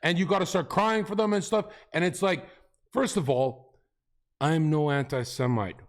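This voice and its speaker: A man's voice: a little high, normal speed. A man in a heated livestream debate, talking in a brash, provocative, profane way.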